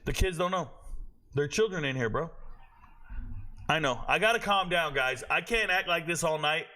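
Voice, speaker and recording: This forties-aged streamer addresses his chat head-on, his bright, somewhat high voice projected forcefully. Cracking loud jokes and telling stories in easygoing slang, he keeps to a normal speed.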